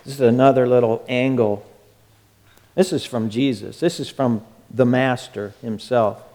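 A man's voice: medium pitch, steady tone, a little slow. Fervent male preacher in a reverberant hall. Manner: fervent, swings from loud urging to soft hush. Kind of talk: sermon.

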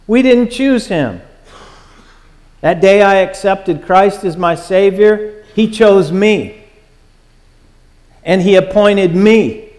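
A man's voice: a little high, a little mellow, long reverb tail. A man preaching a sermon as pastor, earnest and emphatic, with many filler "uh"s.

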